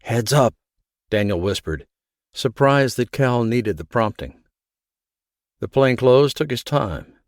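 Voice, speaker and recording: A man's voice: mid-range voice, expressive, slow, pauses often, no echo, clean studio sound. Man reading an audiobook. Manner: reads the story, giving characters voices. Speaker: audiobook narrator. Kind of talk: scripted narration.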